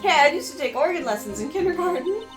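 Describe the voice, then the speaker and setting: A woman's voice: high-pitched, animated, fast talker, pitched above the performer's own voice. A woman reading the lines of an eager teenage girl forensic scientist, over game music.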